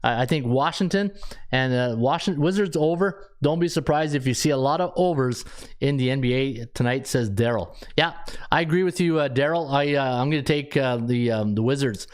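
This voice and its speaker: A man hosting a sports betting podcast in casual chat, rambling and excitable, ranting in bursts and laughing at his own lines. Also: mid-range voice, fairly quick. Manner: ranting, with many restarts.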